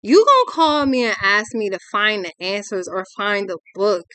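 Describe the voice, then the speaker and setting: A woman's voice: medium pitch, lively intonation, moderate pace, pushed and bright, smooth, no echo. A young adult woman, giving a ranting tarot reading in a blunt, exasperated, profane way. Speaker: tarot reader.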